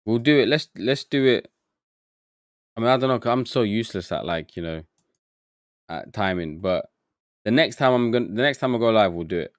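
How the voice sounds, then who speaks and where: A man's voice: lowish voice, animated, brisk, no room sound, studio quality. A man streaming a game live, muttering to himself as he gets confused and chatting with his viewers. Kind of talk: live gameplay commentary.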